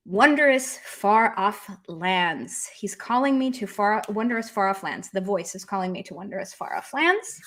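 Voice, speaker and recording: A woman's voice: on the high side, fairly bright tone. An American woman teaching Russian on a live stream, chatty and thinking aloud with many fillers. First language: English. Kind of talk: live-streamed language lesson.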